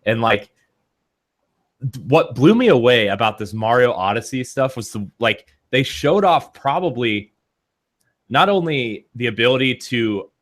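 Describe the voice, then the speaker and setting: A man co-hosting a live watch stream, chatting excitably about video game announcements and rambling with lots of fillers. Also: medium pitch, measured pace. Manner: excitable, gushing, rambling with many "like"s. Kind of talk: casual gaming chat.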